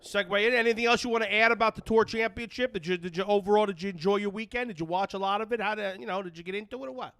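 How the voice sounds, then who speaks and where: Here a podcast host, a middle-aged man with a New Jersey accent, rambles loudly through stories thick with fillers in relaxed chatter. His voice is high and fairly even in intonation, racing along with few pauses. There's no echo, and he's on headphones and a studio mic.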